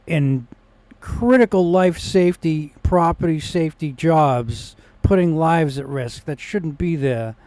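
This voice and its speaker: A man's voice: on the high side, a little mellow, dry recording. A man telling a personal story in a rambling vlog monologue, with restarts, growing indignant in places. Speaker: vlogger.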